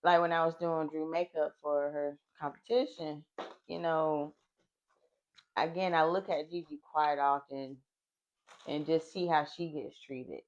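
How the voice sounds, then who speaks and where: A woman co-host with a low voice in casual chat, earnest and emphatic about her kids. She drops swear words to press her point. The audio is a bit dull and lo-fi. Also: fairly even intonation, unhurried, a little mellow. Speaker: podcast co-host and mother.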